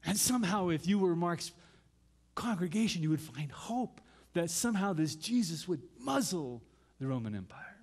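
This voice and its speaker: A man's voice: high-pitched, very animated, moderate pace, a little mellow, husky. A middle-aged man preaching a sermon as pastor, dramatically reading scripture and acting out pleas to God.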